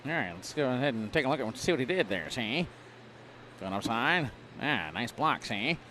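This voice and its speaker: A man's voice: mid-range voice, lively intonation, normal speed, sharp tone, slight background noise. A man voicing a brash 1930s mobster giving play-by-play commentary, snapping "see?" onto the end of every phrase. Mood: wisecracking.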